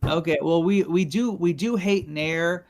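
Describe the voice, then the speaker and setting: A man's voice: on the high side, a little slow, gravelly, darkish tone. A man improvising a fussy casting director who keeps interrupting auditions over a video call. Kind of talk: improv comedy scene.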